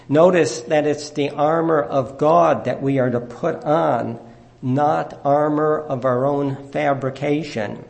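A man delivers a sermon in a measured, earnest teaching voice. His tone has a gravelly rasp, and his pitch sits in a middle register. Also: a little mellow. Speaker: preacher.

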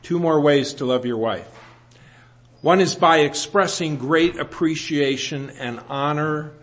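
Earnest and a little high-voiced, a pastor in his sixties delivers a sermon, easing his pace to emphasize scripture. Now and then he pokes gentle fun at himself.

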